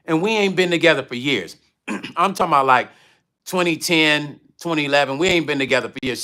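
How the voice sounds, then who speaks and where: A livestream host and musician speaks in a slightly high, bright, forceful voice on a candid stream. He tells stories bluntly and animatedly, stopping now and then to read viewer comments out loud.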